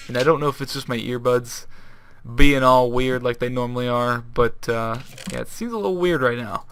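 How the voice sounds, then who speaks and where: A man's voice: mid-range voice, pushed and bright, slight background noise. A young man giving casual commentary while playing a video game, rambling and correcting himself in an upbeat way. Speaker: Minecraft YouTuber.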